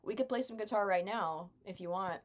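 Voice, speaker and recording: A woman's voice: medium pitch, fairly quick. A young adult woman chatting casually with her live stream chat while gaming, sarcastic and chatty.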